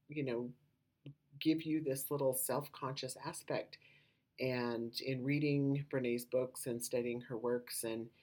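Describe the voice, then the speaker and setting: A woman hosting a podcast with a low voice that gets mistaken for a man's, talking casually and rambling with lots of filler words. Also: a little mellow. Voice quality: low voice often taken for a man's on the phone. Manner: rambling, many "you know" fillers. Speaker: podcast host.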